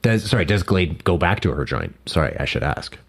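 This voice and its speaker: A man's voice: sits low, big pitch swings, a little fast, creaky. A man narrating as game master of a tabletop game, casual and full of small self-corrections.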